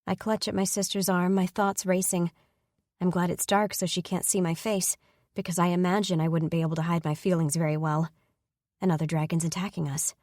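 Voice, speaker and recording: Low-voiced woman narrating an audiobook. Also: darkish tone, no room sound, clean studio sound. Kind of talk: first-person fantasy romance narration.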